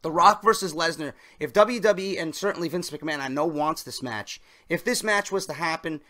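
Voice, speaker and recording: Higher-voiced male vlogger, casual wrestling news host who hammers key words. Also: moderate pace, pushed and bright. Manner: emphatic, stresses key words, talks straight to viewers.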